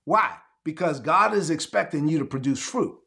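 Male pastor, high gravelly voice, preaches with animated acted-out dialogue. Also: moderate pace. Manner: animated, acts out conversations in his own voice; calls for audience responses. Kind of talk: sermon.

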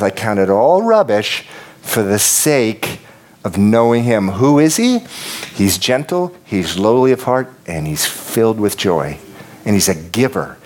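A pastor preaching a sermon, emphatic and repetitive, talking straight to his congregation and dropping to a hush at times. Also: mid-range voice. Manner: addresses the congregation directly.

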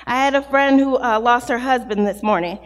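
Female preacher, high voice, impassioned testimonial sermon, long hall echo. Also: a little fast. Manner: impassioned, testimonial, rising and falling between hushed and loud.

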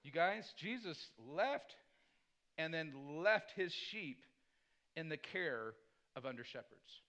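Male pastor, sermon, fairly high voice, bright and forceful, conversational preaching, asks the congregation "Amen?". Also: expressive, takes it slowly. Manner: punctuates points with "Amen?"; conversational preaching with personal stories.

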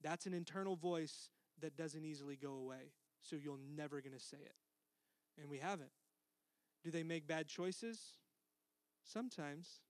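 A middle-aged man preaching a sermon as pastor, earnest, dropping to a soft hush for tender lines. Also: on the high side, moderate pace, no echo.

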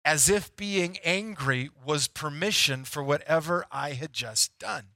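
Male pastor, emphatic sermon delivery, bright tone, dry close sound. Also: a little high, measured pace, no echo. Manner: emphatic, repeats key lines for effect.

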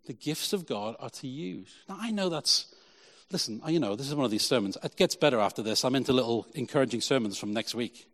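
A man preaching a lively sermon as pastor, then leading a prayer with many repeats of "Lord". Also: mid-range voice, fast talker, hardly any pauses. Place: church hall. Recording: long church hall reverb.

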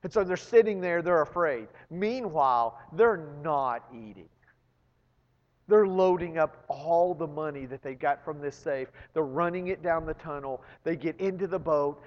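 A pastor preaching a sermon, telling a story that builds to loud emphatic peaks and often repeating words as he restarts. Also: on the high side, unhurried. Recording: long reverb, dull lo-fi sound.

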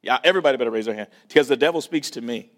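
A man with a mid-range voice talks very fast as he gives a church talk. His personal story comes in a preaching style, with quoted voices acted out and volume jumping from loud to hushed.

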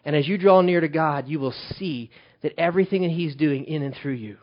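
A man preaching a sermon as pastor, swinging from loud emphatic calls to hushed, quiet lines. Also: fairly high pitch, brisk, lo-fi sound.

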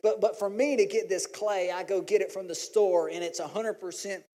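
A man, preaching a sermon in a folksy, animated way. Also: moderate pace. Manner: folksy, animated storytelling, pitch jumps when acting out his family. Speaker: pastor. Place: church sanctuary. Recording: long hall reverb.

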